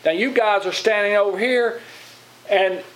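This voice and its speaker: Plain-spoken preacher, a man with a higher voice. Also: a little slow, a bit bright, a little hiss or hum, rough recording. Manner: plain-spoken, conversational, asks the congregation questions. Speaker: pastor. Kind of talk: sermon. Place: church.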